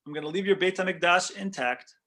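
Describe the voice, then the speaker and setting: A man's voice: high-pitched, fast, pushed and bright. A man playing a brash, commanding young conqueror king in a spoken story. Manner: blustering, then gracious.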